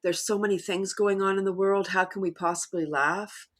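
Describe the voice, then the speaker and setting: A middle-aged woman who leads laughter yoga, talking as a guest in an animated way and often breaking into demonstration laughs. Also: medium pitch, normal speed. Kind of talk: conversational interview.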